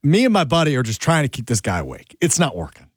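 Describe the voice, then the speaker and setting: Man, casual storyteller, lively swooping pitch, dry close sound, animated delivery. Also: fast talker, slightly rough, dry recording. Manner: animated, rises sharply when acting out his own lines. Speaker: show regular telling a story.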